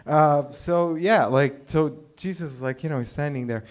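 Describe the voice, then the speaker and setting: A man from the Middle East doing a stand-up set at a small open mic, halting and dry, full of filler words. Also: fairly high pitch. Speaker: stand-up comedian. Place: small live comedy venue.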